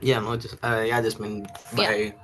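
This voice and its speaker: Trainee man, lowish bright voice, halting, far from the call mic. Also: completely flat delivery. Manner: hesitant, many fillers. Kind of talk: answering in an online class. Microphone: video call, away from the mic.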